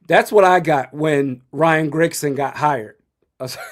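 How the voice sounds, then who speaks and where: A man's voice: a little high, normal speed. A young man in his twenties commenting live on a football game, blunt and opinionated, chuckling often. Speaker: sports streamer.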